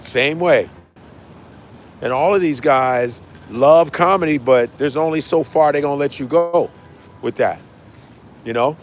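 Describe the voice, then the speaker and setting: Talking casually with his viewers, this American man runs his own livestream as a comedian, cursing and repeating lines to drive them home. He speaks at a fairly high pitch, with slight noise in the background.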